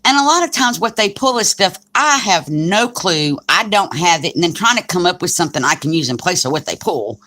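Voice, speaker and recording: A woman's voice: fairly low pitch, very animated, a little fast, hardly any pauses, bright, forceful tone. Chatty woman storyteller. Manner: chatty storyteller, joking and laughing often. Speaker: craft channel host. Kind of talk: casual livestream chat.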